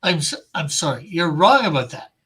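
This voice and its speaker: A man's voice: fairly high pitch, very animated, normal speed, sharp tone, slightly rough, heavily acted. A man voicing a despairing young man who feels unloved and wants to die, reading the lines in a bitter, self-loathing way.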